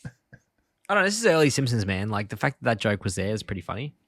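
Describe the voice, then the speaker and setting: A man's voice: on the low side, sing-song, fast talker, a bit bright, dry recording, studio quality. A man co-hosting a podcast, casually retelling a cartoon episode scene by scene, quoting lines and laughing often. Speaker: podcast co-host. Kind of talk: casual chat recapping an episode.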